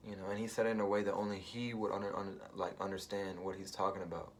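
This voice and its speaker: A man's voice: low voice, little pitch movement, fast talker, hardly any pauses, slight background noise. A man telling a personal story in a rambling, slangy way, full of fillers and asides. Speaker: vlogger.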